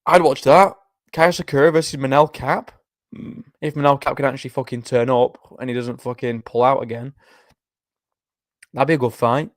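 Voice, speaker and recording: A young man talks loosely and casually at a middle pitch, swearing freely and reacting to a live chat. He sounds worn out and yawns between points. His voice is close and dry, with no room sound. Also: fairly even intonation, moderate pace, dry recording. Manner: chatty, swears often, reads chat aloud. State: tired, yawning. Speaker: livestream host making fight predictions.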